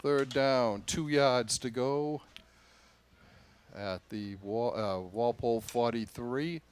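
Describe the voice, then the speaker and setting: A man with an everyday, mid-range voice calls play-by-play at a local high school football game. He tracks each down and yard line in a level tone. When a runner finds room, he quickly gets louder and higher. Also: smooth. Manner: rises in pitch and volume on big plays. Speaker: play-by-play announcer. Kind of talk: play-by-play commentary.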